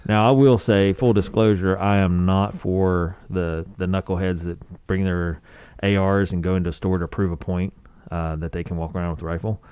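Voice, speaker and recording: A man in his forties from West Virginia spins a laid-back story on a movie podcast, chuckling as he goes. His voice sits very low. The sound is dry and close, with no room around it. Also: steady tone, normal speed, smooth, no room sound, dull audio. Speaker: podcast co-host. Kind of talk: casual movie review chat.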